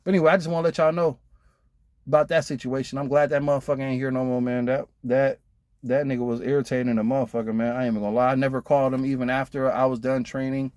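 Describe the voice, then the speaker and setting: A man's voice: medium pitch, little pitch movement, fast talker, a little mellow, no room sound, studio quality. Blunt, profane trucker man venting. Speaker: truck driver vlogger. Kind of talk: casual storytelling rant.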